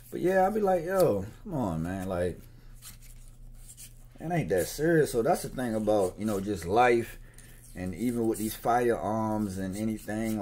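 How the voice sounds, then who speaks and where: A man's voice: fairly low pitch, a little mellow, slightly rough. A man talking in a loose, slangy, meandering way while he chats casually to camera. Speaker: gun owner vlogger. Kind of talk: casual rambling chat.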